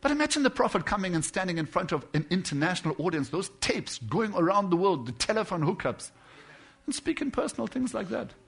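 A man preaching a sermon, earnest and personal, dropping to quiet intimate lines and then rising into loud, emphatic bursts. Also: high-pitched, sing-song, a little fast, vocal fry, husky.

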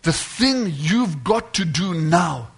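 A man preaching a sermon, fervent and building to loud exhortation. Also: high voice, animated, takes it slowly, gravelly, breathy edge.

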